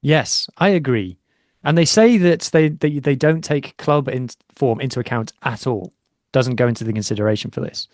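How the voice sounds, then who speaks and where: A man's voice: mid-range voice, normal speed, a little mellow, no echo, studio quality. A man co-hosting a rugby podcast, chatting casually in a chatty, self-deprecating manner. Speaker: podcast co-host. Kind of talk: casual chat.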